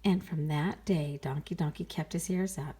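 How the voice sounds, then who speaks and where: A woman reading a children's picture book aloud, playful and expressive, sighing and exclaiming along with the story. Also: sits low, normal speed.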